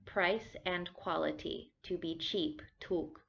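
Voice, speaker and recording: Slow, careful woman teaching vocabulary. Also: fairly low pitch, steady tone, vocal fry. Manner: slow and careful, repeating words for practice. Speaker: language teacher. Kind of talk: vocabulary lesson. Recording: dull lo-fi sound.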